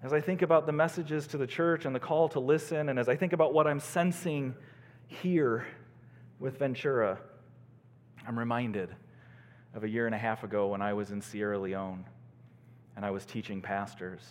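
Earnest male pastor in a reverberant church. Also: moderate pace. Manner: earnest, swings between soaring emphasis and hushed lows. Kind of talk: sermon.

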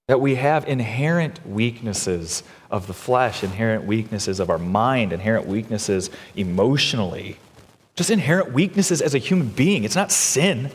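A man preaching a sermon as pastor, animated, acting out the voices of the people he describes. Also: mid-range voice. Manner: animated, acts out voices of others. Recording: long hall reverb.

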